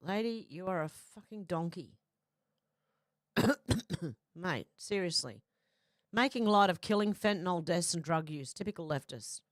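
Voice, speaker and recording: A woman's voice: lowish voice, animated, measured pace, pauses often, no room sound. Woman, host, reads viewer comments, blunt and profane, dry close sound. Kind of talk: casual livestream reading comments.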